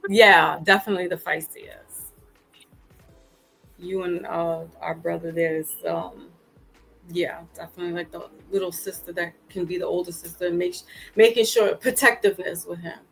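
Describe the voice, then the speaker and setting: A woman's voice: lowish voice, fairly even intonation, moderate pace, gravelly, a bit bright, husky, faint music behind, low-quality recording. A woman hosting a casual live chat, with a New York accent and a laid-back, trailing way of talking. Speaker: host.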